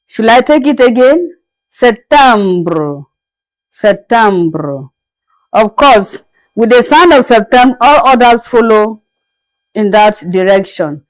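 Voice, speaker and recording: A woman's voice: on the high side, unhurried, no echo, poor audio. A woman teaching French as a lesson to her channel, who spells the words out and repeats each one patiently. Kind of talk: slow, patient classroom lesson.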